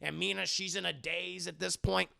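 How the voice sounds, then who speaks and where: Profane gravelly streamer recapping a film. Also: male voice, high voice, normal speed. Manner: profane, animated storytelling. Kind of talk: casual film recap for a live chat.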